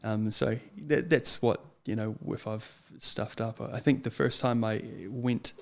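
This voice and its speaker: A young man, a guest chatting casually in an interview, earnest and hesitant, often pausing with ums. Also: medium pitch, steady tone, gravelly, darkish tone. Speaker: guest, lawyer and wrestler.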